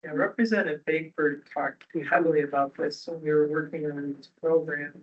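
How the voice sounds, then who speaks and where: A man explains a legal point in a board discussion, quick and matter-of-fact, his voice flat and even. He sits some way off the microphone. The recording sounds dull and distant. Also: on the high side. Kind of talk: discussion at a public board meeting.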